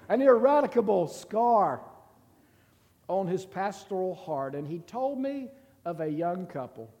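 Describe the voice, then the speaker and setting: A man reading a story aloud in a slow, deliberate and somber way, with a long reverb. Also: sits high, mellow.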